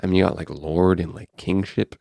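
Low gravelly man chatting on a podcast. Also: steady tone, a little fast, dark tone, dry recording. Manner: offhand, wry, reads out and riffs on headlines. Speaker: podcast host. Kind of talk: casual podcast chat, reading news aloud.

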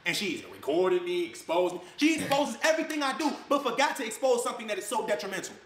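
Fast, high-voiced man ranting angrily. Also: sing-song, fairly bright tone, roomy sound. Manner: angry, rapid, mocking quoted voices. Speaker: influencer addressing critics. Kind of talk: heated ranting video clip.

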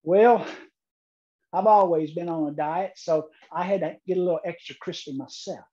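A man giving a humorous keynote speech, telling a story deadpan with dramatic pauses. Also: fairly high pitch, muffled recording. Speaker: keynote speaker.

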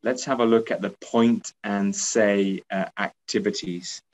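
A man leading a teacher training workshop who speaks patiently, repeats himself and keeps checking in with "okay?". He also acts out lively praise the way a teacher would give it to pupils. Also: fairly low pitch, unhurried.

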